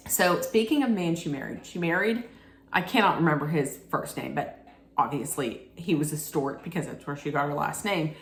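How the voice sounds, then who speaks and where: Unhurried woman vlogger, echoey room. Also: medium pitch. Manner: frank, gossipy storytelling, talks straight to the viewer. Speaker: vlogger reviewing a documentary. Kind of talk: casual commentary.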